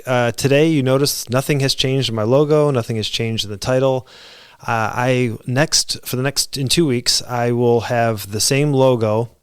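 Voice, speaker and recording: A man's voice: medium pitch, clear, resonant tone, dry recording, studio quality. A man hosting his own podcast, speaking earnestly and gratefully to listeners in an unscripted solo monologue with frequent fillers and restarts. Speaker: podcast host.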